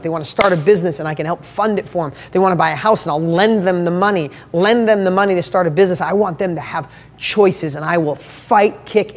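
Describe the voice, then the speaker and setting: Emphatic motivational man, reverberant room. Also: fairly high pitch. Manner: emphatic, heartfelt, rhetorical questions. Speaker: host. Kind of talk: motivational live-stream talk.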